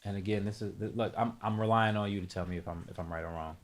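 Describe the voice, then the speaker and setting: Low-voiced man thinking aloud on stream. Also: fairly even intonation, quick pace. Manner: casual, thinking aloud, self-correcting, talks to chat. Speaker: music production streamer. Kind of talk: live tutorial chat.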